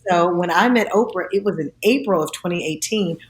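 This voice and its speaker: A woman, an actress and singer, telling lively stories in an interview and acting out the quotes. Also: fairly low pitch, brisk, echoey room. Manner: animated, acts out quotes with laughs.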